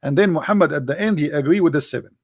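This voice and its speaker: A man's voice: on the high side, racing, a little mellow. A man giving sarcastic polemical commentary, firing rhetorical questions in English. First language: Arabic. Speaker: religious critic.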